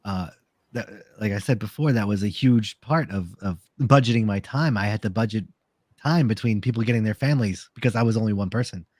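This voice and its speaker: A slightly tipsy man chatting on a podcast at a middle pitch, his voice close and dry with no room sound. He rambles, restarts and repeats words as he tells his stories. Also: a little fast, a little mellow, no room sound. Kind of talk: casual podcast chat.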